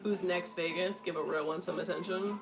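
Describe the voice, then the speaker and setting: A woman's voice: lowish voice, fairly even intonation, moderate pace, gravelly, music in the background, poor audio. A woman in her twenties chatting casually and candidly, blunt and profane, laughing often. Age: 20s. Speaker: content creator answering questions.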